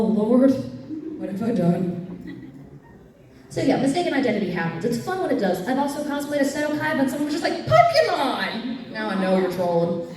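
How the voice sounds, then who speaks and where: A woman doing stand-up comedy storytelling at a convention panel, animated, jumping to squeaky highs. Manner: animated, jumps to squeaky highs for quoted fans. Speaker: cosplay comedian. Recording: echoey hall, mic from far off.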